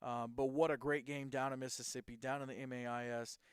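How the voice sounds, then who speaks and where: A man's voice: medium pitch, flat delivery, brisk, clear, resonant tone, dry recording, studio quality. A man hosting a casual sports talk show, rambling through game recaps and reading off stats. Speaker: host.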